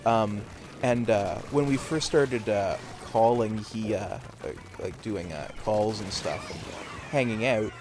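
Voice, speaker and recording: A man's voice: lowish voice, slow, few pauses, noisy background. A Canadian man chatting casually on a live game stream, rambling and hesitant with many fillers.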